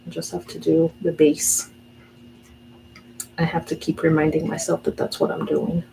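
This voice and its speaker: A woman in her thirties with a low, gravelly voice talks herself through a sketch and chats as she works. Her tone is mellow and unhurried, with a faint hiss of background noise on the recording. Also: low-quality recording. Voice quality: relaxed, musing aloud. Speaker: art vlogger. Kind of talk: casual chat while drawing and painting.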